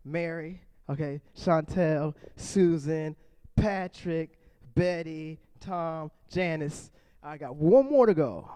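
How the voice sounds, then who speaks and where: A man's voice: a little high, mellow, dry recording. A man doing stand-up comedy and playful crowd work for a seniors group, chatting with the audience and laughing often.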